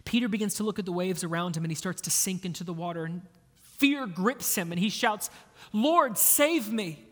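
A man preaching a sermon as a pastor, earnest, moving between hushed passages and emphatic lines. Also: high-pitched, a little fast. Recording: long hall reverb.

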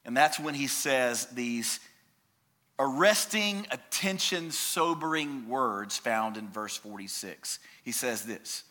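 A man preaching a sermon as a pastor, emphatic, swinging from loud declarations down to hushed, drawn-out words. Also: mid-range voice, animated.

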